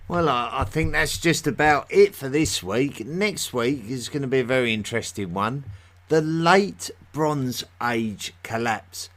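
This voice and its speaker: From near London, England, a man with a London accent and a low, fairly bright voice hosts a podcast. Going through listener mail, he keeps it casual, with lots of fillers and false starts.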